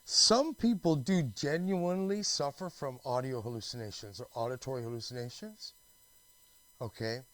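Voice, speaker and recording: A man's voice: mid-range voice, normal speed, fairly bright tone, no room sound, low-quality recording. A man from Canada talking in a rambling, restless monologue, full of restarts, fillers and swearing. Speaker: vlogger.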